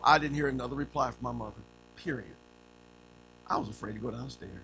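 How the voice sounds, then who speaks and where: Amid background noise, a man in his fifties preaches at a quick pace in a mid-range voice. His sermon leans on comic stories, which he tells animatedly while performing the quoted voices.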